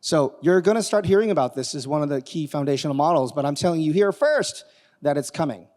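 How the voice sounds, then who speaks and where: Male keynote speaker, lively audience questions, voice rather high, long hall reverb. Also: quick pace. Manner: animated, quizzing the audience. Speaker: conference speaker. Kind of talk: live keynote talk with demo. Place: conference hall on stage.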